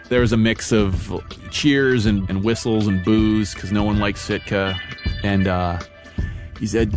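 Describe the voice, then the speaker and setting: A young adult man telling a personal story in a relaxed, casual way, with easy fillers. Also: on the low side, normal speed. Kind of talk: personal storytelling over music. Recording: guitar music behind voice.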